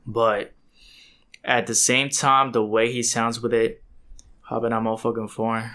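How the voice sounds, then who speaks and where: A man's voice: medium pitch, little pitch movement, unhurried, sharp tone. A young man talks loosely through a music reaction video as its host, with lots of filler words and slang. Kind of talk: casual music reaction commentary.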